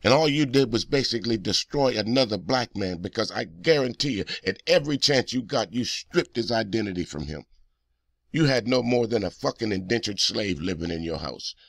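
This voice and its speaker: A man's voice: lowish voice, animated, a little fast, vocal fry, fairly bright tone, dry recording, studio quality. A man hosting a reaction video, delivering heated, profane, accusing commentary straight at the person in a clip.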